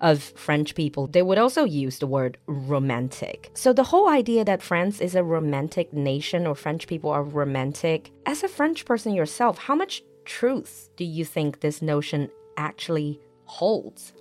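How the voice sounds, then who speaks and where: Lower-pitched woman hosting a podcast. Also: sing-song, moderate pace, hardly any pauses, a little mellow, faint music behind. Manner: upbeat, friendly, asks questions. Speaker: podcast host.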